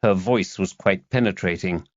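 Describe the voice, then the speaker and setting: Male narrator, low voice, expressive, dull dry lo-fi sound. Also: moderate pace, no echo. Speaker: audiobook narrator. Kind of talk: scripted narration.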